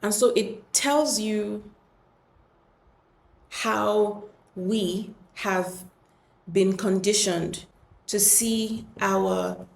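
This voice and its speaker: A woman hosting a podcast, speaking earnestly and gently in a reflective solo talk, with many pauses and restarts. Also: mid-range voice, gravelly, echoey room. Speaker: podcast host.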